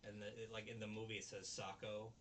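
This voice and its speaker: Guy recapping anime w a buddy, does squeaky character voices, sounds a bit far off the mic w faint hiss. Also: fast. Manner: animated, mimics characters in high voices while retelling. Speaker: podcast co-host. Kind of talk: casual anime recap chat.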